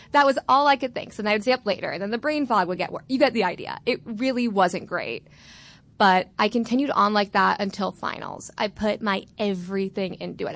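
A woman's voice: medium pitch, gravelly, fairly bright tone. A woman in her twenties from Florida, telling a personal story on stage with a candid, wry, self-mocking manner. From Florida, USA.

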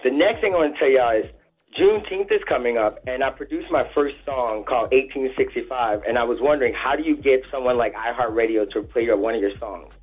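An earnest caller talks quickly, rushing from one point to the next. His voice is slightly husky and comes through a thin, tinny phone line. He sounds eager to be heard. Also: mid-range voice, faint music behind. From New Orleans, USA. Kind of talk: call-in radio chat.

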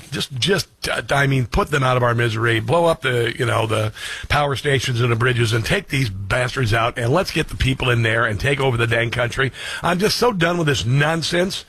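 A man's voice: mid-range voice, fairly quick, fairly bright tone, slightly rough, no echo. A man hosting a political talk show, reading headlines and riffing on them in a blunt, combative way. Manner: blunt, combative, reads headlines then riffs with asides. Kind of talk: opinionated talk radio commentary.

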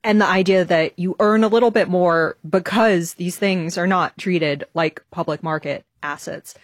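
A woman co-hosting a podcast, asking measured, articulate interview questions. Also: on the low side, no echo, clean studio sound. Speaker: podcast co-host.

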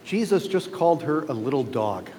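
A man's voice: on the high side, big pitch swings, normal speed, warm tone, slight background noise. A male pastor preaching a sermon, driving his points home with rhetorical questions to the congregation. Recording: long reverb with faint ambience.

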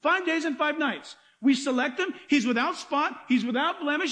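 Middle-aged male preacher, very high voice, animated sermon delivery, plays out quotes. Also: normal speed, few pauses. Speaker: pastor.

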